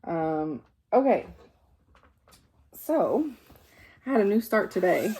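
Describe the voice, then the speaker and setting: Her mid-range voice swings widely in pitch, slow and warm with a breathy edge. She's a cross-stitch vlogger, tired and yawning, casually showing off her works in progress while rambling with fillers and self-corrections.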